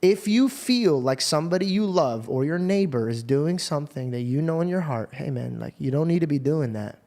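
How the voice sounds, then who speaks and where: A man's voice: a little high, expressive, normal speed, a little mellow. A man hosting a podcast, telling stories in casual, slangy talk, earnest and often swearing. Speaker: podcast host. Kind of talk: casual storytelling chat.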